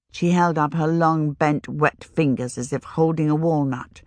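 Slow, measured woman narrating a story. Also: deep voice, fairly even intonation, darkish tone, no room sound, clean studio sound. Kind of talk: audiobook narration.

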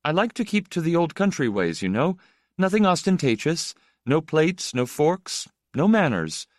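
A man's voice: a little high, big pitch swings, normal speed, no echo, pitched above the performer's own voice. Man doing an earnest young country guy, dry humor, voice moves around a lot. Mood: wry.

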